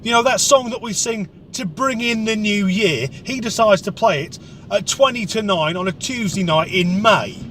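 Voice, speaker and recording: A man's voice: high voice, normal speed, sharp tone, slight background noise. A man telling a comic rant story, sweary, sarcastic and exasperated. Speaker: comedic vlogger.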